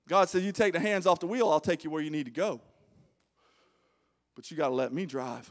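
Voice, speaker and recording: A male pastor preaching a sermon, dropping to hushed low lines and rising to shouted calls. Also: brisk, long pauses.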